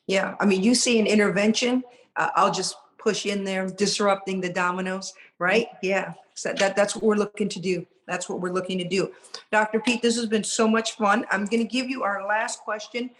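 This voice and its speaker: A woman hosts a podcast interview in a friendly, affirming way. Her voice sits at an ordinary middle pitch for a woman. She wraps up the talk by asking her guest one last question. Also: fairly even intonation, normal speed, poor audio. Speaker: podcast host. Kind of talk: interview hosting.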